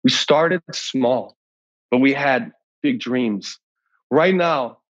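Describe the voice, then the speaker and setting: A middle-aged pastor from Hawaii giving a leadership talk, telling a story in an animated way and acting out the dialogue. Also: male voice, medium pitch, drawn-out words, no room sound. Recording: slightly muffled dry sound.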